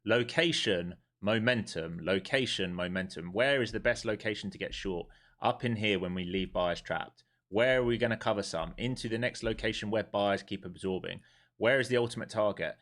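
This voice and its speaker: A man with a lowish voice talks through his trades on a live stream and keeps firing off questions that he answers himself. He is blunt and wound up and swears freely as he talks. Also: brisk, fairly bright tone. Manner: wound up and emphatic. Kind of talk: live trading stream commentary.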